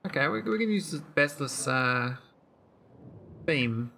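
A man's voice: on the high side, animated, slow, vocal fry, bright, forceful tone, a little hiss or hum. A man casually commentating his own gameplay, thinking aloud with lots of fillers and restarts. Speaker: gameplay streamer. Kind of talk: casual let's-play commentary.

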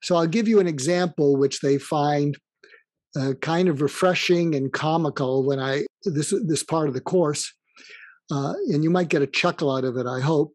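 A man with a voice a bit higher than most talks as a guest author in a close, dry recording. He explains his ideas through anecdotes and acts out bits of dialogue as he goes. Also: moderate pace, a little mellow, no echo. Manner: explains through stories, acting out quoted dialogue. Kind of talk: conversational advice interview.

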